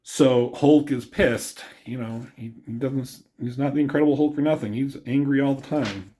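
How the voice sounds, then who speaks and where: A man's voice: mid-range voice, fairly even intonation, moderate pace, warm tone. Man casually rambling through a comic review. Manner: rambling, filler-heavy, chuckles at his own jokes.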